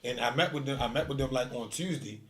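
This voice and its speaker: A man telling a story in casual chat, animated and full of slang, acting out quotes. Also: fast talker. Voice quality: heavy profanity and slang. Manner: animated storyteller, acts out quotes with rising pitch. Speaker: streetball tour organizer.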